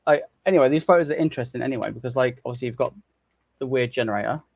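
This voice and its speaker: A man's voice: mid-range voice, rapid-fire, vocal fry, dry recording, lo-fi sound. A man co-hosting a live stream in a casual, joking way, swearing freely. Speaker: co-host.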